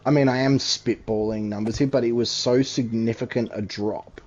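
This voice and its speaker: Give me a young man chatting crudely over a game, with a dark mellow voice. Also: fairly even intonation, normal speed, soft background music. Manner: crude, slangy, swears a lot. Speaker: gamer. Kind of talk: casual chat while gaming. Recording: dull low-fi home mic.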